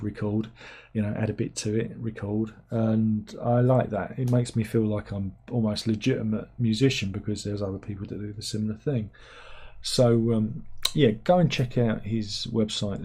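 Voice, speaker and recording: A middle-aged man hosts a loose, rambling livestream chat. He wanders from topic to topic and stops to read out viewer comments. His voice is dark and mellow, with a husky edge. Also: lowish voice. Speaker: livestream host.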